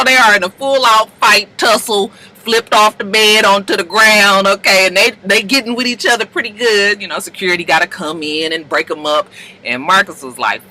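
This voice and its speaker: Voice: mid-range voice, animated, moderate pace, pushed and bright, a little hiss or hum, low-quality recording. A speaker casually recapping a TV episode, telling the story with slang and acting out characters' lines along the way. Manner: salty slang, addresses viewers directly. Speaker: TV show recapper.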